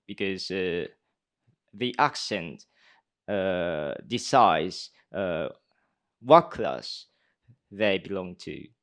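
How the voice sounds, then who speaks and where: Slow, halting young man. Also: sits low, fairly bright tone, clear, resonant tone. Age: young adult. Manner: halting, many pauses and fillers. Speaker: speech contestant answering judges. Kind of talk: live Q&A answers.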